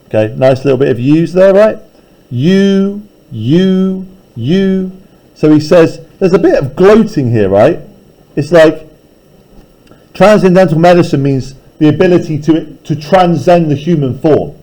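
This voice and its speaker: A man's voice: fairly high pitch, expressive, normal speed, dark tone, rough recording. A male teacher casually explaining a novel to a class, often checking in with "right?" and "okay?".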